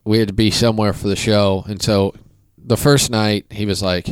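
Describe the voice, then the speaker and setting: A man's voice: fairly low pitch, steady tone, normal speed, smooth, no room sound, clean studio sound. A man in casual podcast chat, telling a self-deprecating story about an early gig.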